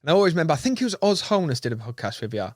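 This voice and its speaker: A young English man, a guest angler, chatting on a podcast and telling a story with lots of swearing and loud acted-out quotes. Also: on the high side, very fast, no room sound, studio quality. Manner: excitable storyteller, swears freely, acts out quotes loudly. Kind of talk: casual podcast chat.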